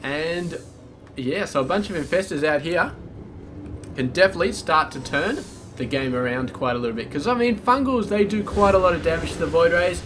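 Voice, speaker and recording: A man's voice: fairly high pitch, expressive, a little fast, a bit bright, soft background music. A man casting a strategy game match solo, in a casual, chatty way with rambling asides. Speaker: game caster. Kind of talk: solo esports commentary.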